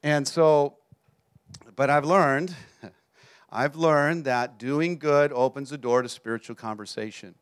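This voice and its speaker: A man preaching a sermon as an animated storyteller who keeps checking in with his listeners. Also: fairly high pitch, slow pace, clean tone. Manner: animated storyteller, often asks the audience "you understand?".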